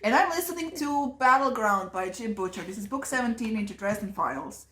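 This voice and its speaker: A woman's voice: on the high side, expressive, brisk, hardly any pauses, a bit bright, a little hiss or hum. Laughing, swearing woman chatting books. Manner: laughing, swears freely, enthusiastic. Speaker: booktuber co-host. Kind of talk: casual book chat. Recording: echoey room.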